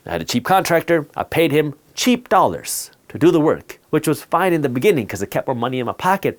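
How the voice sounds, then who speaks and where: A man hosting a personal finance clip, telling a story and repeating key words for emphasis. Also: medium pitch. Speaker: host.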